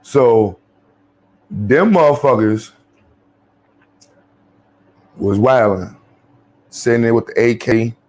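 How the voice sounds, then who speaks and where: A man's voice: mid-range voice, slow pace, long pauses, darkish tone, a little hiss or hum. A man with a New York accent giving blunt, profane, slangy commentary as a vlogger.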